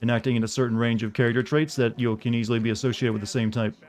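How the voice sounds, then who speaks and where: A man streaming a video game, chatting casually in a dry monotone. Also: mid-range voice, very fast.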